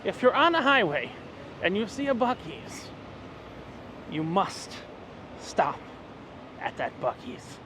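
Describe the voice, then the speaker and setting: Casual travel vlogger, male, high voice, rambling and excitable, recorded outside with loud background noise. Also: slow, pauses often. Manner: chatty, excitable, rambling with fillers. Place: roadside stores and outdoors.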